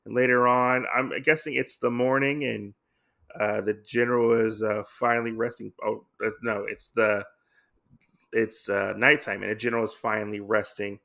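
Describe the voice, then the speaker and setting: A man hosting a podcast, recapping a comic book in a halting, rambling way full of fillers and self-corrections. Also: on the low side, flat delivery, gravelly, bright, forceful tone. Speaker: podcast host.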